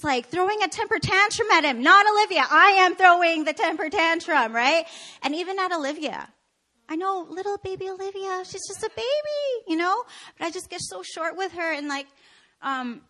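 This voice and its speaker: Woman preacher from Canada, high pitch, animated and laughing at herself in the pulpit. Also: normal speed. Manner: animated, laughing, self-deprecating. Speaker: pastor. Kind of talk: sermon with personal stories.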